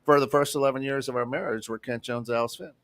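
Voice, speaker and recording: A man's voice: medium pitch, steady tone, fast, a bit bright. A man hosting a casual talk show, making his points emphatically and tagging them with "right?". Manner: emphatic, keeps asking "right?". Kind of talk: casual chat.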